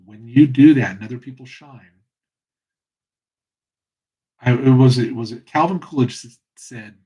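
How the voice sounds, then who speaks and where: A man hosting a reflective solo talk, speaking in an earnest, passionate way with frequent pauses and restarts. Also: mid-range voice, warm tone, husky, low-quality recording. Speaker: host.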